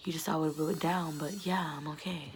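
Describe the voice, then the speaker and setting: A woman's voice: low-pitched, fairly even intonation, fairly quick, background noise. A teenage girl rambling through a casual storytime about her school friends, acting out the quotes. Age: teens. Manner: chatty, rambling, acts out quotes. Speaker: vlogger telling a storytime.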